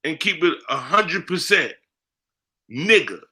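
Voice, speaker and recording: Blunt, profane man, bright voice. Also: a little high, expressive, slow. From United States. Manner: blunt, profane, emphatic, street slang. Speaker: guest, spiritual priest. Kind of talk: candid interview talk.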